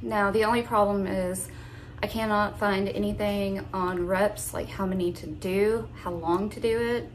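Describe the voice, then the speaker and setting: Slow-talking woman vlogger. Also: mid-range voice, steady tone, slight background noise. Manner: chatty and informal, with fillers. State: out of breath. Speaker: fitness vlogger. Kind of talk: casual home vlog. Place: home.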